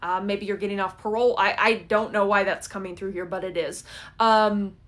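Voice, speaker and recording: A woman's voice: medium pitch, fairly even intonation, moderate pace, fairly bright tone. A woman giving a casual pick-a-card tarot reading. She talks in a chatty way, keeps checking in with "okay?" and swears casually. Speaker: tarot reader.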